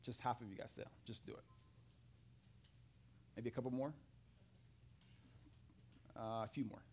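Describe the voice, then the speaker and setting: A man preaching a sermon to a live congregation, acting out the scripture dialogue in an animated way and talking with the people in the pews. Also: medium pitch, unhurried, slight background noise. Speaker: pastor. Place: church hall with a live congregation.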